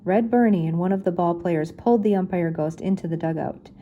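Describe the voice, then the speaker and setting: An older woman reading a children's chapter book aloud in a gentle, unhurried storytelling manner. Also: fairly low pitch, highs cut off, slight background noise. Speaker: reader.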